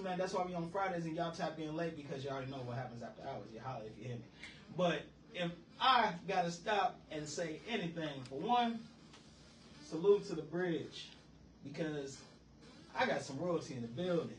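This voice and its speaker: Energetic, profane male radio host; distant, echoey studio sound. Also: on the high side, a little fast, slight background noise. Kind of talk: hype radio hosting. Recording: roomy room, distant mic.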